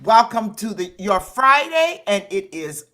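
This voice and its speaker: Lively woman hosting a sing-along. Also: medium pitch, unhurried. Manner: exuberant, warm greetings with whoops. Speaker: host of an online sing-along. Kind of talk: welcoming roll call on a video call. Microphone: video call.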